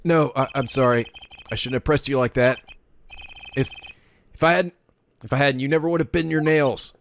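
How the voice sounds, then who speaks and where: A man's voice: medium pitch, steady tone, moderate pace, a little hiss or hum, lightly acted. A man voicing an earnest young male lawyer, reading game dialogue aloud in a sincere, apologetic way. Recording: game music underneath.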